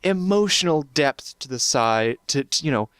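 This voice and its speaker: Bright-voiced wry man co-hosting. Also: fairly high pitch, lively intonation, normal speed, smooth, no echo, studio quality. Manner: wry, leads the discussion, repeats words. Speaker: podcast co-host. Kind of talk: casual chat.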